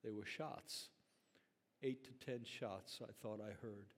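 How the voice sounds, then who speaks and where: A man's voice: on the low side, steady tone, takes it slowly. An older man, a grandfather and pastor, telling a story in a conversational, earnest sermon full of fillers. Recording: long hall reverb.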